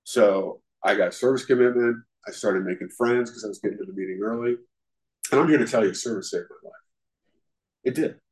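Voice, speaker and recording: A man with a slightly low voice speaks candidly at a recovery meeting, telling his own story. He is self-deprecating and frank, and his talk is loose and conversational, full of "you know". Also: brisk, low-quality recording. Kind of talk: candid personal testimony.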